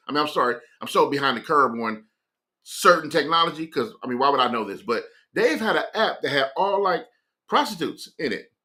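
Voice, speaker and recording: A man's voice: a little high, bright, forceful tone. A man hosting a morning show, telling a comic story in a loose, slangy way and laughing often.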